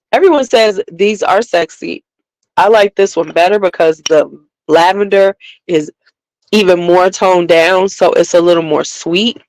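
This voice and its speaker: Chatty woman vlogger, animated and talking straight to viewers, recorded dry and close. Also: medium pitch, vocal fry, no room sound, low-quality recording. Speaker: beauty vlogger. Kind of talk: casual livestream chat.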